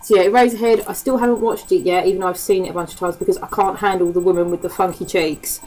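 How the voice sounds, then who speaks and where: Speaking quickly in a fairly low, steady, darkish voice, a Cockney woman from London's East End vlogs casually to camera. Swearing, laughter and ums pepper her chat. The audio is poor, with slight background noise.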